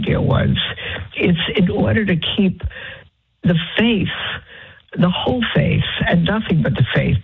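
A nun who is unwell and short of breath makes a halting, pleading fundraising appeal over the phone from her bed. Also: deep voice, creaky, husky. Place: lying in bed in her convent cell. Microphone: phone line. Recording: tinny phone line.

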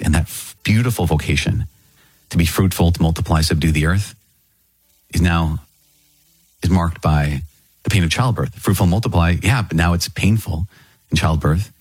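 A priest with a very low, husky voice, teaching in an earnest, prayerful way. He doubles back on his phrases to stress them. The sound is close and dry. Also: no echo. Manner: earnest, repeats phrases for emphasis. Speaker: priest and podcast host. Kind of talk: catechism teaching talk.

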